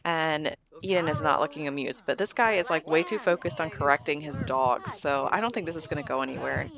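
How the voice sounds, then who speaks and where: A woman's voice: low voice, brisk, gravelly, a crowd in the background. A young woman, a mother, chatting casually as she plays a life-sim game for viewers. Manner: chatty, bubbly, talks to viewers as "girl" and "guys". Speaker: gaming channel host.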